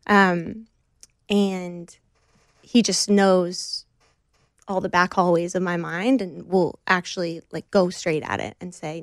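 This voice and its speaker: A woman's voice: lowish voice, steady tone, takes it slowly, no room sound. Earnest woman, close dry sound. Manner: reflective, earnest, frequent fillers. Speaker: guest. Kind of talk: conversational interview.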